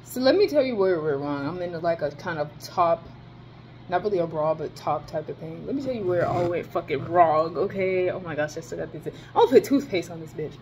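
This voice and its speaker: A woman's voice: fairly low pitch, a little fast, highs cut off, a little hiss or hum. Profane, fired-up young woman ranting. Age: young adult. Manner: animated, profane, emphatic storytelling. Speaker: college student vlogger. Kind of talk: casual ranting vlog.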